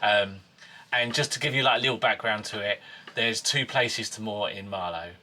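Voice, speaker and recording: Bright-voiced middle-aged man chatting. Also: fairly low pitch, moderate pace, slight background noise. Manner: chatty, stumbling restarts, laughs easily. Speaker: vlogger. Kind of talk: casual chat.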